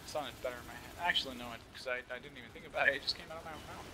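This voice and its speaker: A young man with a slight lisp giving casual, joking live commentary over his own shooter gameplay, swearing often and yelling at other players. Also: medium pitch, very fast, few pauses. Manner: joking, swears often, yells at opponents and teammates.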